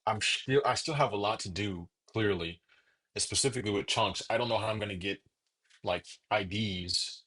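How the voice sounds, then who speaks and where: A man with a very low voice and a bright, sharp edge talks casually through his programming, half to himself. He drops the odd curse and has the hiccups. Keyboard clicks sit faintly behind him. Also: moderate pace, slightly rough. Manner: muttering to himself, swears freely. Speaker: programmer streaming his coding. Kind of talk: casual coding commentary.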